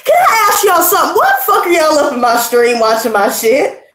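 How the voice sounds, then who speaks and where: Woman, tarot livestream host, out of breath, high voice, echoey room, brash and profane. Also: wildly swooping pitch, fairly quick, fairly bright tone. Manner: brash, profane, laughing, slangy. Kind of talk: casual livestream chat.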